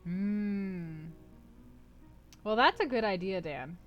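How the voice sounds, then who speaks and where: A woman's voice: mid-range voice, animated, slow pace, lo-fi sound. Bubbly American woman streamer, faint music. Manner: chatty and bubbly, laughing often. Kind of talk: casual chat with live chat. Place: home streaming setup.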